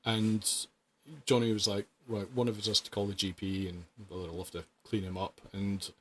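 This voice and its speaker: Lowish british guy, laid-back wry chat, a bit of hiss behind. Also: level tone, moderate pace, fairly bright tone. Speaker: podcast host. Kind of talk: casual storytelling chat.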